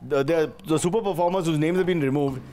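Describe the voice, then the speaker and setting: A man with an Indian English accent hosting a quiz show, playful and teasing with quick asides. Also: on the high side, dark tone, slight background noise. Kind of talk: joking game show hosting.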